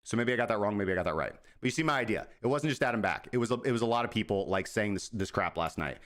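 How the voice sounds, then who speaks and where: A man's voice: on the low side, lively intonation, fast talker, fairly bright tone. A man hosting a crypto trading show, talking casually in a rambling, profane, self-mocking way. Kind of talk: casual market commentary.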